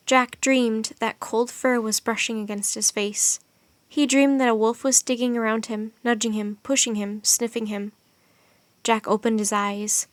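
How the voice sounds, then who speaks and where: A woman narrating a children's chapter book aloud, reading in an expressive, steady way. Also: on the high side, a little slow, dry recording. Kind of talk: audiobook narration.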